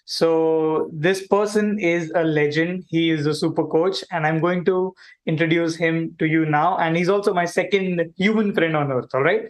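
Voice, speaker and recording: A man playing a friendly alien who hosts a kids' livestream, animated and chatty, talking straight to viewers. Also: on the high side, moderate pace, natural voice. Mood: cheerful. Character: friendly male alien visitor hosting a kids' stream. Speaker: livestream host. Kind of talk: playful kids' livestream hosting.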